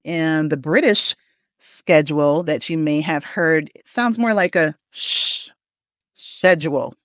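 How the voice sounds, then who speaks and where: A woman's voice: sits low, no echo, clean studio sound. Encouraging American woman coaching pronunciation. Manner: upbeat, encouraging, slow deliberate model words. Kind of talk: pronunciation lesson with repeat-after-me drills.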